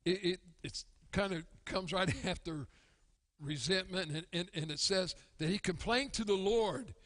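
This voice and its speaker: A man preaching a sermon as pastor, acting out grumbling churchgoers in an animated way. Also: high-pitched, unhurried. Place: church sanctuary. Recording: long church hall reverb.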